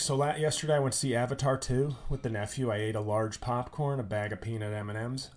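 A man's voice: medium pitch, a little fast, few pauses, a little mellow. A man hosting his own podcast, talking in a rambling, sarcastic way, swearing freely and griping about movies. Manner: sarcastic, rambling, swears freely, mocks actors with put-on voices. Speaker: podcast host. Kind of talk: casual solo podcast monologue.

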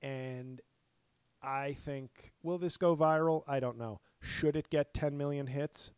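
Hoarse middle-aged comic, solo podcast rant, profane and fired up, dry close sound. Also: male voice, on the high side, steady tone, slow pace, a little mellow, no echo. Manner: profane, passionate ranting with frequent restarts. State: hoarse, voice worn from talking. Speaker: stand-up comedian and podcast host. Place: apartment.

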